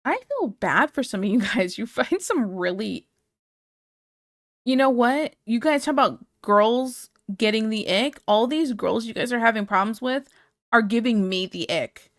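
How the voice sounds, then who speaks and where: Woman streamer, slightly high pitch, candid and blunt, frequent laughter, dry room. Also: animated, a little slow, fairly bright tone, no room sound. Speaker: live streamer. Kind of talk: casual chat reacting to viewer comments.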